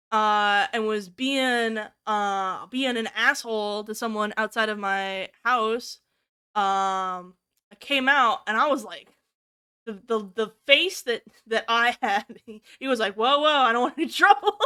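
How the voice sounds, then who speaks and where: Young woman streamer from the US, clear bright voice, animated and swears a lot, shoots up in pitch for quotes. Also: a little slow. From United States. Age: young adult. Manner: animated, swears freely, high-pitched when quoting others. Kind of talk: casual chat while working on stream.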